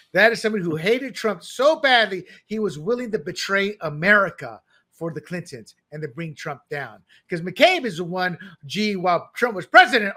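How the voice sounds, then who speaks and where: A man co-hosting a political talk show, animated and joking, often restarting his words. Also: sits high. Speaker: podcast co-host. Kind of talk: political commentary chat.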